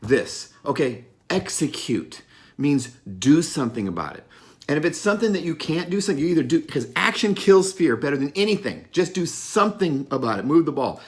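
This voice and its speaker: A man's voice: fairly high pitch, sing-song, a little fast. A middle-aged man giving an unscripted motivational talk, blunt and profane, stressing his points and laughing at himself now and then. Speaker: motivational speaker.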